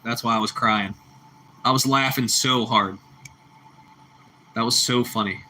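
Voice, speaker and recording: A man's voice: medium pitch, steady tone, a little slow, bright, forceful tone, a little hiss or hum. A man hosting a casual livestream and chatting with viewers. He laughs easily, repeats himself, and calls people bro and bucko. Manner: laughs a lot. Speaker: livestream host reading chat.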